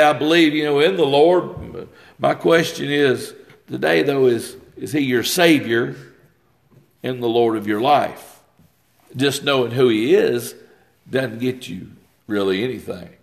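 A man's voice: on the high side, gravelly. A man preaching a sermon, stumbling and repeating words as he reads scripture and explains it.

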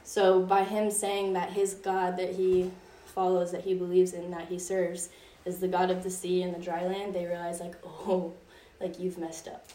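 A woman's voice: on the low side, completely flat delivery, normal speed, few pauses, warm tone, slight background noise. A young woman leading a group in casual Bible teaching, retelling a story in a chatty way full of "like" and asides. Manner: chatty, filler-heavy storytelling with frequent "like". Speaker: youth Bible study leader. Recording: roomy echo from a distance.

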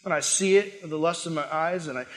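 A man's voice: on the high side, fast, a bit bright, long reverb tail. A man, a pastor, delivering a sermon in a conversational, emphatic way and acting out the prayers and complaints he quotes.

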